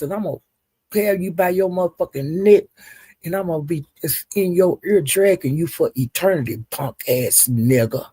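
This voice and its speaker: Woman live-streaming, profane heated rant, husky gravelly voice, dry close sound. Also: on the low side, mellow, no echo. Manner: cursing, heated, drawn-out insults. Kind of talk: angry profane rant to viewers.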